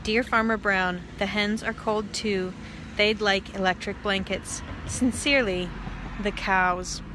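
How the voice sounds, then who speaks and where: A woman voicing a group of polite but stubborn barnyard cows, reading their typed notes in a measured, formal way. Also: mid-range voice, fairly even intonation, background noise, natural voice.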